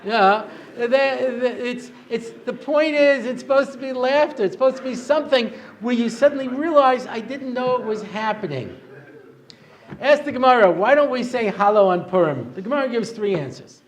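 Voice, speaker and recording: Man, middle-aged, rabbi, humorous lecture, high voice, laughs at his own jokes. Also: normal speed, few pauses. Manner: joking storyteller, chuckles at his own jokes. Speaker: rabbi giving a talk. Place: lecture hall with a live audience.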